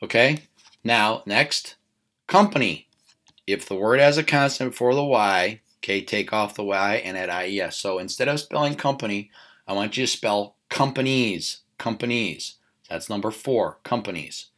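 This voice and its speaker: Male teacher, lowish voice, recorded spelling lesson, repeats words, frequent "okay?" check-ins. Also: normal speed, a bit bright.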